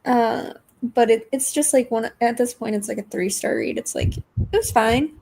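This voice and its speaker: A woman's voice: a little high, normal speed, gravelly, darkish tone, slightly rough. A woman chatting casually in a book club, blunt and swearing easily. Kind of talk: casual chat.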